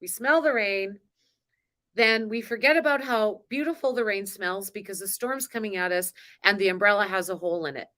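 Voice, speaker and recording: A woman's voice: medium pitch, normal speed, sharp tone. A woman hosting a spiritual coaching live stream, talking in a chatty, emotional way with frequent laughs. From grew up on a farm. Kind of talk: casual live-stream talk.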